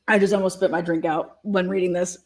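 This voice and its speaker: A woman hosting a livestream, chatting casually with her viewers and giggling often. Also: on the low side. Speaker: livestream host. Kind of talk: casual chat over a courtroom livestream.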